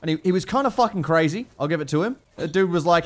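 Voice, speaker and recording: A young Australian man giving excitable, foul-mouthed let's play commentary. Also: a little high, fast talker, hardly any pauses, soft background music. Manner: excitable, swears a lot, laughs often. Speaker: gaming YouTuber.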